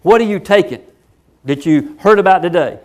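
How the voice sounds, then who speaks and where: A man's voice: sits high, animated, normal speed. A man giving a motivational talk to teachers, emphatic and folksy, acting out the people he quotes. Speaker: education speaker.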